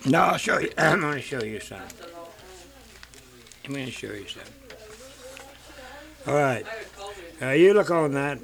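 A man's voice: mid-range voice, expressive, normal speed, creaky, long pauses, a bit bright. An older man telling family stories in a rambling way, in rural dialect, repeating "he said" and swearing freely. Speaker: interviewee. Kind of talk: rambling folk storytelling.

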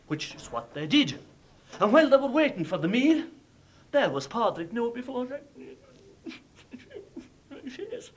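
A man with an Irish accent telling a traditional folk tale in a lively, dramatic way. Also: extremely high pitch, unhurried, pauses often. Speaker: storyteller.

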